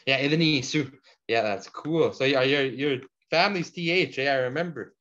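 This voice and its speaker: A man teaching a relaxed language lesson, slowing down to drill words and using casual fillers. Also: mid-range voice. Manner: slow deliberate pronunciation drills, casual fillers. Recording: dull lo-fi sound.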